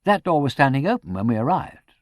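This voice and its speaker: A man's voice: mid-range voice, big pitch swings, quick pace, dry recording, clean studio sound, lightly acted. A man reading an audiobook, voicing a woman detective novelist who speaks in an offhand, practical way.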